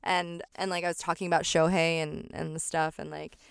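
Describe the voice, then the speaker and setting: Smooth-voiced chatty woman. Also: sits low, brisk, no echo, clean studio sound. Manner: animated, laughs often, frequent fillers. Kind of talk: casual chat reviewing a show.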